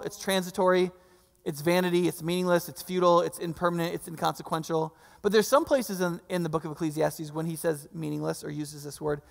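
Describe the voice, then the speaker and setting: A male pastor preaches in a church, talking conversationally and tossing in rhetorical questions. His voice sits a little high with a gravelly edge, and long reverb trails off the hall walls. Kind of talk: sermon. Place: church sanctuary.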